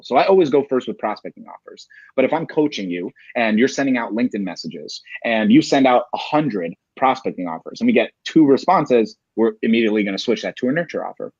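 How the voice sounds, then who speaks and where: A man's voice: mid-range voice, a little mellow, slightly rough, no echo. Emphatic man coaching on sales. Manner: emphatic, rhetorical "right?" tags. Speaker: sales coach, interview guest. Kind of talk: motivational interview talk. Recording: dry, muffled lo-fi sound.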